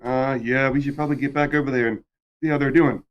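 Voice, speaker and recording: A man's voice: mid-range voice, fairly even intonation, fast talker, dull audio. A man playing in a tabletop game who talks casually and laughs easily. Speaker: player.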